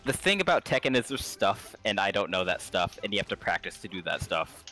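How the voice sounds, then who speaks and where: A man's voice: fairly low pitch, very animated, a little fast, pushed and bright, soft background music. A man co-hosting a game stream, laughing and bantering casually. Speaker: stream co-host. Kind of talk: casual gaming chat.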